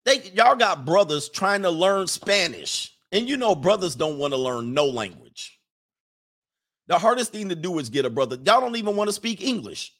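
A man's voice: sits high, sing-song, moderate pace, a bit bright. A man hosting a livestream, reading viewer chats and riffing in a rambling, joking way. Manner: rambling, joking, breaks into laughter and mock voices. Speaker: livestream host. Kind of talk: casual comedic commentary reading viewer chats.

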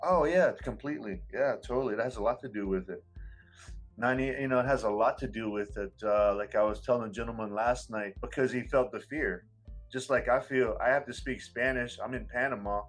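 A man's voice: medium pitch, a little fast, soft background music, low-quality recording. A man from the United States, an English teacher talking casually and rambling with many fillers. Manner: rambling, frequent "you know" fillers. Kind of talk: casual conversation.

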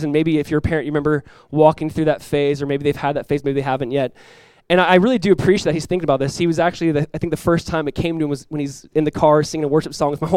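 A man in his thirties, a pastor preaching a sermon and telling a family story with lively, rising emphasis. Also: on the high side, dry recording. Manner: animated storytelling, rises loud when acting out his talks with his son.

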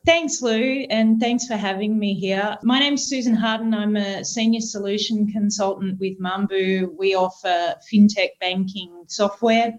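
A woman guest telling a casual workplace story in a relaxed, chatty way. Her voice sits at a middle pitch. The audio is somewhat dull and lo-fi. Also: a little slow, few pauses. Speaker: panel guest, solution consultant.

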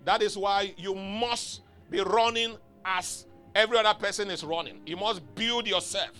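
A man's voice: high-pitched, steady tone, moderate pace, sharp tone. A man preaching a sermon in a church, emphatic and exhorting, calling out to his congregation for responses. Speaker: pastor. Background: faint music from outside.

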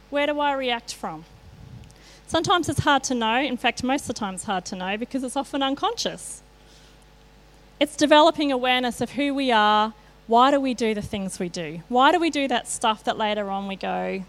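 A woman's voice: high voice, normal speed, a bit bright. A middle-aged woman giving a sermon, telling candid personal stories with self-mocking asides. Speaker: church speaker.

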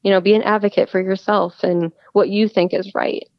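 In a casual interview, a woman guest who is a cancer patient speaks earnestly in a mid-range, level voice, a little fast. She often restarts and repeats words as she begins sentences. The audio is dull, lo-fi and completely dry, with no echo.

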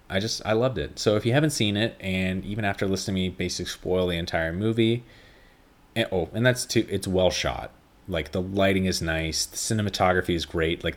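A man with a very low voice hosts a solo podcast in loose casual chat. He rambles, leans on fillers and swears freely as he talks. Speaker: podcast host.

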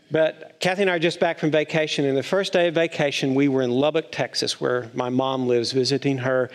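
Pastor, male, slightly high voice, folksy storytelling sermon, long reverb of a church sanctuary. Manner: chatty, playful storyteller with a congregation.

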